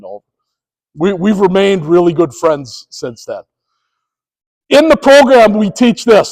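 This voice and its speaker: A middle-aged man with a fairly high voice presents a conflict-management training to sports officials. He talks like a former cop telling stories, slipping into the voices of the people he quotes as he teaches. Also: long reverb tail, low-quality recording. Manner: storytelling, animated, acts out quoted dialogue.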